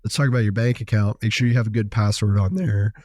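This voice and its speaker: A man's voice: fairly low pitch, steady tone, quick pace, darkish tone, no room sound, clean studio sound. A man co-hosting a podcast, telling stories and acting out both sides of conversations. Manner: storytelling, acts out dialogue. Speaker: podcast co-host. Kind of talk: casual podcast chat.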